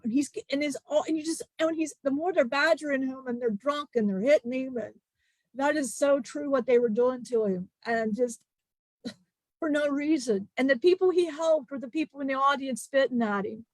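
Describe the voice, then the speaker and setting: A woman's voice: high voice, dry recording, natural voice. A woman channeling a grieving ancient male disciple. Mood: solemn. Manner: halting, emotional storytelling with many restarts. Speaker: spirit channeler. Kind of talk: channeled spirit testimony.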